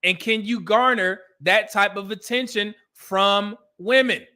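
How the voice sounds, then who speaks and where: A man's voice: high voice, measured pace, pushed and bright. A man hosting a livestream, reacting to a clip with blunt, exasperated commentary and calling viewers brother. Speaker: host reacting to a video.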